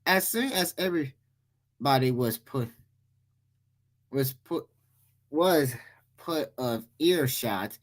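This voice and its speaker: A man's voice: medium pitch, animated, slow, pauses often. A young man reading a Reddit story aloud, stumbling over words and restarting his sentences often. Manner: stumbling, frequent restarts and self-corrections. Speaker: story reader.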